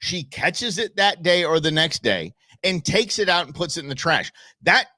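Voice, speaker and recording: A man's voice: fairly high pitch, lively intonation, normal speed, pushed and bright, dry recording, studio quality. A man in his forties co-hosting a casual talk show, joking and rambling with lots of restarts. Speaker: podcast co-host. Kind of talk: casual banter.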